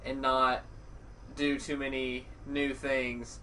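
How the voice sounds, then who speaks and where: Bright-voiced man, far from the mic. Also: medium pitch, monotone, slow, slight background noise. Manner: thoughtful, hedging with fillers. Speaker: podcast co-host. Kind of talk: casual chat. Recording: distant from the mic.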